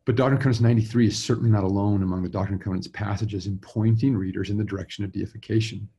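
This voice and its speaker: Low, gravelly-voiced man giving a relaxed lecture. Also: very fast. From Utah, USA. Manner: easygoing and self-deprecating, many fillers and restarts. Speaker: religion professor giving a symposium talk. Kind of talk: recorded conference lecture. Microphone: remote talk recording with screen share.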